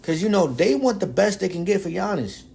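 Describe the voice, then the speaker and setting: A young man hosting a casual sports podcast, talking loosely with lots of slang and profanity, swinging between loud outbursts and low muttering. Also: big pitch swings, a little fast, creaky. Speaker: podcast host.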